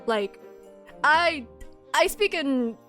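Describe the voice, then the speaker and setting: A young woman streamer chats quickly and playfully, laughing at herself. Her voice is fairly high and bounces lively up and down. Soft music sits faintly in the background. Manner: fast, animated, self-deprecating chatter. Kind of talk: casual chat while voicing a game.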